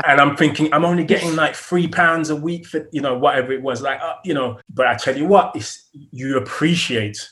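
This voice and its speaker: A man's voice: fairly high pitch, a little fast, hardly any pauses, a bit bright. A middle-aged British man, a podcast guest, tells his story earnestly. He repeats words as he thinks and chuckles often. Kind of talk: reflective interview storytelling.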